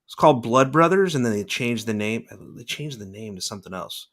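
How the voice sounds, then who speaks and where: Male podcast host, casual rambling storyteller, middle pitch. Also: brisk. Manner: rambling storyteller, lively quoted voices. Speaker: podcast host, former celebrity news producer. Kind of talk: casual chat.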